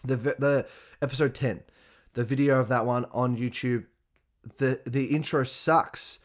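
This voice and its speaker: A young man talking on his own podcast in an animated, casual way, swearing freely and making asides to his listeners. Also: mid-range voice, a little slow. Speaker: podcast host. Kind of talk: casual solo podcast talk.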